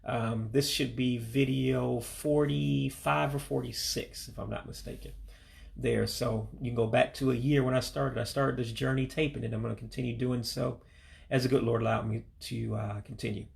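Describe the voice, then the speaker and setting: A middle-aged man giving a casual home-recorded language lesson, saying each word slowly and repeating it for practice. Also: mid-range voice, steady tone, vocal fry. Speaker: language learner teaching vocabulary. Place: back room at home.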